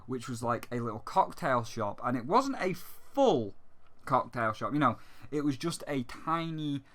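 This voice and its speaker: A young man chats loosely through a casual gaming vlog, full of fillers and restarts. His voice sits at a middling pitch for a man with a bright, forward tone. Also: sing-song, measured pace. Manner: rambling, chatty, many fillers. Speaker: gaming YouTuber. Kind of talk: casual vlog over gameplay.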